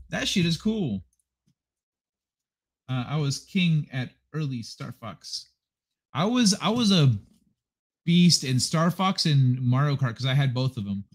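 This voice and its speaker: A livestream host with a fairly high-pitched voice chats casually with viewers from a desk microphone in his apartment living room. He rambles in a relaxed way and swears plenty.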